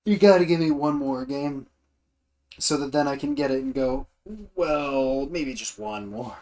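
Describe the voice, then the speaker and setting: A tired streamer rambles through small self-mocking jokes while playing, in casual stream chatter. The voice sits at an ordinary middle pitch. A clear hiss of background noise runs under the home mic. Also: fairly even intonation, unhurried, mellow, low-quality recording. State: sleepy.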